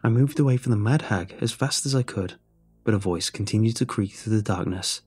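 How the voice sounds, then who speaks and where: Low husky male horror narrator. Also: fairly quick, a little mellow, faint music behind.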